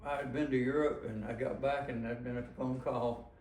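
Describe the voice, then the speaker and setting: An older singer-songwriter from Arkansas, USA, tells rambling, folksy stories between songs for visitors at his home, chuckling and restarting as he goes. His mid-range voice is steady, fairly quick and a little mellow. Recorded with a distant mic in an echoey room, there's guitar playing and slight background noise.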